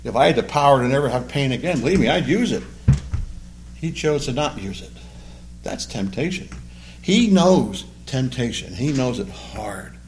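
A man's voice: medium pitch, darkish tone, a little hiss or hum. A man preaching a sermon, acting out the voices of the people he quotes. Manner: dramatic, acts out quoted voices. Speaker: pastor.

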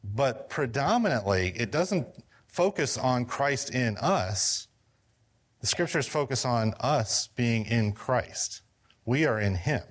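A man's voice: mid-range voice, lively intonation, takes it slowly. A man who pastors a church, teaching a casual Bible study class, talking conversationally with restarts and fillers while his voice wears thin. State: losing his voice.

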